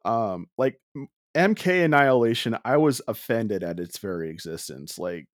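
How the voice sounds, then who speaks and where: A man's voice: on the low side, animated, no room sound, studio quality. A man co-hosting a casual movie review podcast, talking candidly with frequent restarts. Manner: halting, lots of restarts and fillers, candid. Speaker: podcast co-host.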